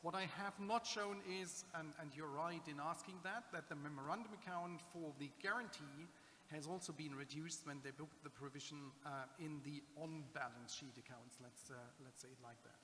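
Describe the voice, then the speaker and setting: A man whose first language is German answers audience questions from a conference panel, pausing and restarting often. His voice sits fairly high and sounds bright. Long reverb from the hall and a faint hiss sit behind him. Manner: halting, many fillers and restarts. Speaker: conference speaker on public-sector accounting.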